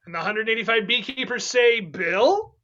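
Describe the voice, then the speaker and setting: High bright guy hosting an improv game, playful, kinda dull lo-fi sound. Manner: playful, quick, laughing asides.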